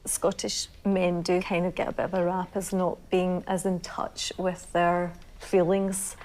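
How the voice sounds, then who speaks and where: A woman's voice: lowish voice, little pitch movement, unhurried, a little mellow. A woman in an interview, speaking thoughtfully and fondly. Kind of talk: reflective interview talk.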